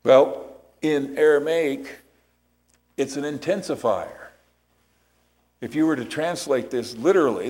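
A man's voice: mid-range voice, a little slow, long pauses, darkish tone. A man preaching a sermon as pastor, explaining scripture step by step and checking in with rhetorical questions.

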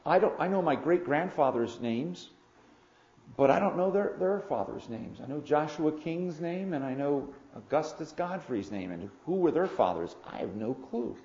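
A man preaching a sermon as pastor, swelling suddenly loud for emphasis and slowing to stress key words. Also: fairly high pitch, lively intonation, roomy sound, muffled recording.

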